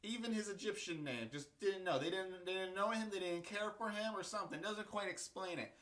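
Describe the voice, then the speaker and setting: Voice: mid-range voice, fairly quick, hardly any pauses, a bit bright. A video host retelling a bible story and history in a casual, irreverent, crude, rambling way.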